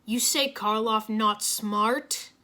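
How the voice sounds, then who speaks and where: A woman's voice: mid-range voice, slow, bright, forceful tone. A woman voicing a hulking male brawler with a thick accent who speaks in blunt, broken sentences. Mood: gruff. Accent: thick foreign accent put on. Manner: blunt, broken grammar, refers to himself by name. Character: hulking brute fighter, man, broken speech.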